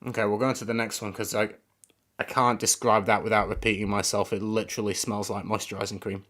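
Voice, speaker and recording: Talking quickly in a low-ish, fairly bright voice with a level tone, this man reviews fragrances live on stream. His first impressions are casual and rambling, and he frequently searches for words.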